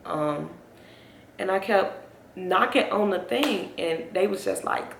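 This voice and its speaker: A young vlogger with an animated, creaky medium-pitched voice takes it slowly, rambling through a personal story told straight to her viewers. The sound is echoey, with a faint hiss or hum.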